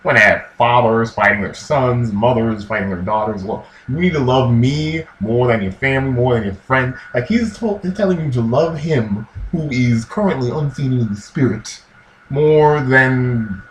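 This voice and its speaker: A man giving casual religious commentary in a slangy, animated way, acting out quotes in different voices. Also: mid-range voice, a little hiss or hum. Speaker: vlogger. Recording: echoey room with faint ambience.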